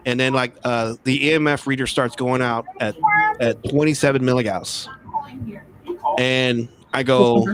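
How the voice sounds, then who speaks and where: A man's voice: mid-range voice, steady tone, measured pace, a bit bright, a little hiss or hum. This is a man with a mid-range voice, casually telling a story over a remote call. He rambles, repeats words and restarts his sentences. He grew up in Texas. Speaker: guest.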